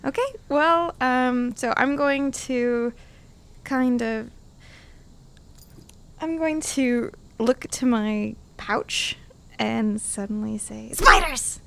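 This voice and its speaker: A woman's voice: on the high side, extremely slow, vocal fry, pauses often. A woman playing a tabletop role-playing game, speaking her character's lines in a coaxing, flirty way. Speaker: player.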